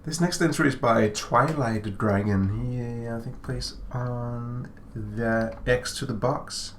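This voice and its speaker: A man co-hosting a game developer stream, chatting casually and joking, with halting restarts. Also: mid-range voice, steady tone, slight background noise. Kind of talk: casual chat while playing.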